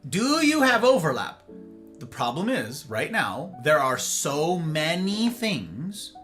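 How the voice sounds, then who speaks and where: Streamer host, male, bright tone, animated rambling chat, faint guitar underneath. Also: a little high, takes it slowly. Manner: rambling, animated, acts out little dialogues. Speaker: livestream host. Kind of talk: casual chat with live viewers. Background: faint guitar music.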